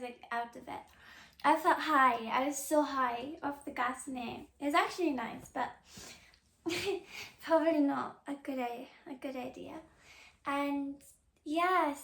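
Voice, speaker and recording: A young woman hosting a podcast, telling a personal story in a casual, chatty way, full of "like" fillers and soft confiding asides. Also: sits high, gravelly, echoey room. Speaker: podcast host.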